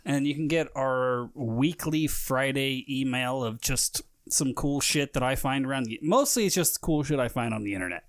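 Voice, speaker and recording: A man's voice: mid-range voice, moderate pace, hardly any pauses, no room sound, clean studio sound. A man in his thirties co-hosting a podcast in casual, profane, joking chat. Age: 30s. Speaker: podcast co-host.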